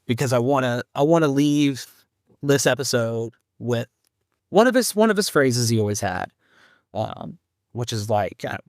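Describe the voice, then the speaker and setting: A man hosting a solo podcast, talking haltingly and rambling as he grieves a close friend. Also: mid-range voice, lively intonation, clean tone, no room sound. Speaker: podcast host.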